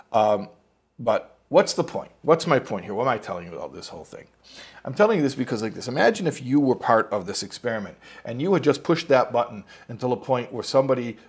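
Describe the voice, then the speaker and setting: A man's voice: mid-range voice, a little mellow, slightly rough. A man giving an informal spoken lesson as a religious teacher. He tells the story in a rambling way, restarts himself, and acts out the quotes.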